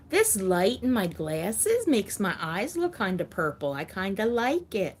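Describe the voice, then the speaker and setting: A middle-aged woman hosting a casual live chat with her viewers, talking in a halting way and repeating words as she gets emotional. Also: mid-range voice, wildly swooping pitch, husky. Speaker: livestream host.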